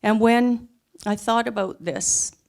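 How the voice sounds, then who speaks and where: A woman's voice: a little high, takes it slowly, vocal fry, a little mellow. A middle-aged woman telling her own life story in an earnest, emphatic way, building up short phrases one after another. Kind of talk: personal storytelling talk.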